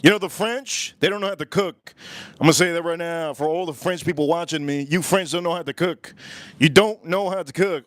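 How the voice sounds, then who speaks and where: A man's voice: on the high side, moderate pace, no room sound. A man hosting a live cooking demo at a windy outdoor grill, rambling and joking, often repeating his phrases. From United States. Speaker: cooking livestream host.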